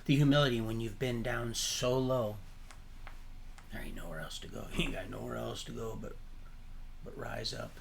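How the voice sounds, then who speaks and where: A man hosting a livestream, rambling from topic to topic in an animated, preachy way and laughing at his own remarks. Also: mid-range voice, moderate pace, gravelly, long pauses, noisy background. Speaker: livestream host.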